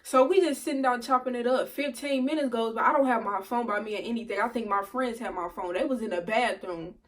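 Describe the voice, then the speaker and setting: A young woman telling a storytime vlog to her viewers, animated and profane, laughing often. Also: on the high side, fast, distant mic. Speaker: vlogger.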